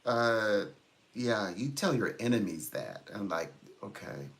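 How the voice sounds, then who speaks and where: A man's voice: on the low side, expressive, slow, fairly bright tone. A man working as a psychic reader, chatting casually on a livestream in a rambling way and chuckling often.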